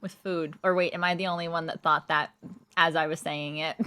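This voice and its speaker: Bright-voiced woman streamer chatting playfully. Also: low-pitched, flat delivery, fairly quick, clean tone. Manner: playful, talks to chat while eating. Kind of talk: casual live-stream chat.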